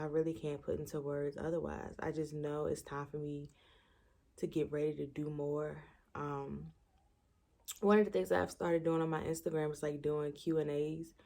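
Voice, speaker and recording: A woman's voice: sits low, dark tone. A young woman chatting casually to her camera before bed, reflective and emotional, often searching for words. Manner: reflective, searching for words, many fillers and restarts; emotional, near tears at times. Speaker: vlogger. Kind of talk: casual late-night vlog chat. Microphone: camera mic.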